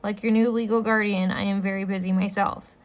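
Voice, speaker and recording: Busy banker guy, formal n hurried, flat delivery, a woman reading him. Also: medium pitch, lightly acted, low-quality recording. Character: busy coughing male banker, middle-aged.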